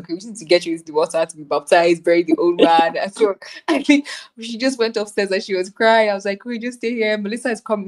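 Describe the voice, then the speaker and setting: A young woman co-hosting a podcast, talking in a casual, animated way and laughing between phrases as she recalls her friend's story. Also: on the low side. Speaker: podcast co-host. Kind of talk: casual chat.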